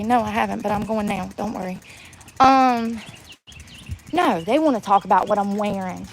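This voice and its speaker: A woman's voice: medium pitch, normal speed, long pauses, a little hiss or hum. A woman ranting bluntly in a casual vlog, laughing often, recorded outdoors in the woods. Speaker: vlogger.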